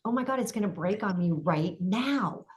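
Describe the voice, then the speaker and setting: A woman's voice: mid-range voice, expressive, normal speed. A middle-aged woman, a coach and podcast guest, telling a personal story vividly and acting out her own inner voice.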